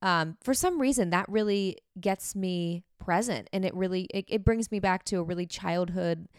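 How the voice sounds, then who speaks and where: A woman's voice: lowish voice, normal speed, clean tone, no echo, clean studio sound. A woman hosting a podcast, talking frankly and chattily about herself in a candid self-help monologue. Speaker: podcast host.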